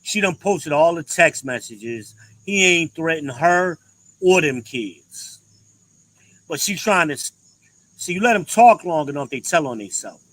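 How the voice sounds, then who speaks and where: Blunt, profane man ranting with bright tone. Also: a little high, animated, measured pace, no echo, rough recording. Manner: blunt, profane, emphatic inflections. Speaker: podcast host. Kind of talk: ranting commentary.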